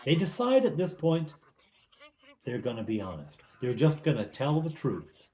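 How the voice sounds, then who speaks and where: Chatty game master in an echoey room. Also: male voice, medium pitch, sing-song, moderate pace, warm tone. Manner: casual, chatty asides. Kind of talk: recapping a tabletop game.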